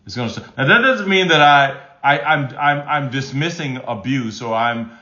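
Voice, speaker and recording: A male relationship coach talking on a live stream with a lively, animated pitch that swoops up and down. He drives his points home by repeating key phrases and often restarts his sentences. The room sounds echoey and a little dull. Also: normal speed. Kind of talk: live-stream teaching, reading chat comments. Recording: roomy, slightly dull sound.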